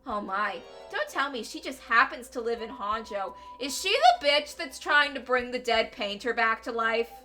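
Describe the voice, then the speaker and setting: A woman's voice: a little high, normal speed, few pauses, sharp tone, faint music behind. A woman voicing a vengeful male ex-convict from a game, taunting and sneering with mock sweetness that turns to snarling threats. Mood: gloating. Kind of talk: reading a game aloud with voices.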